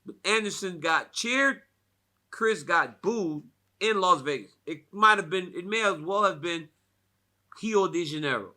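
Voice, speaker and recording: An American man answers reporters in a loose, storytelling way, sprinkling in "like" and laughing easily. His voice is strikingly bright and forceful, sitting a little above the usual male pitch. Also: measured pace. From United States. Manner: animated storyteller, laughs often, many "like" fillers. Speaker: interviewee at a fight media day. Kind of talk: casual media interview.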